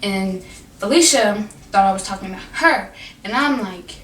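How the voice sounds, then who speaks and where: A woman's voice: mid-range voice, unhurried. Teen girl vlogger, chatty storytime delivery, sits back from the mic in an echoey room. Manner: animated, lots of fillers and quoted dialogue. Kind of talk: casual storytime. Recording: echoey room from a distance, faint noise.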